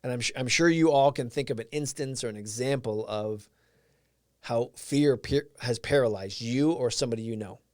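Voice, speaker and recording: A man's voice: medium pitch, normal speed, no echo, clean studio sound. A man whose first language is Portuguese, hosting a live stream and giving an earnest, reflective motivational talk while answering viewers' comments.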